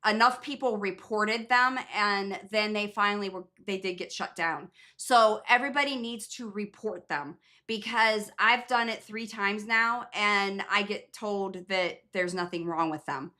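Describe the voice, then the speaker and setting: A chatty woman hosts a casual livestream Q&A, rambling and restarting her sentences. Her voice is bright and forward. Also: medium pitch, measured pace, few pauses. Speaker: nurse practitioner hosting a live Q&A.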